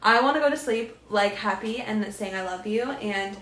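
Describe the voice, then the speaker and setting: A woman's voice: mid-range voice, moderate pace, a bit bright. A woman co-hosting a podcast, chatting casually, agreeing often and laughing through her stories. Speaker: podcast co-host. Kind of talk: casual chat. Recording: echoey room.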